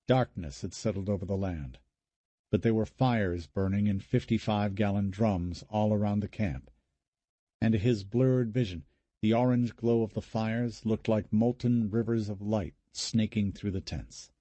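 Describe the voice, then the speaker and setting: Male audiobook narrator, low, husky, dry close read, measured. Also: no room sound. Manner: measured, even storytelling. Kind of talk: scripted narration.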